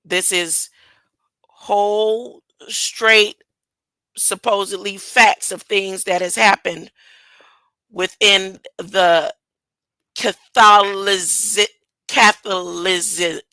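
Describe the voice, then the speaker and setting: A woman's voice: medium pitch, fairly even intonation, sharp tone, dry recording, poor audio. A woman rambling through casual commentary and reading a news story aloud, tripping over words and laughing at herself. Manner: slow, drawn-out delivery. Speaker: online commentator.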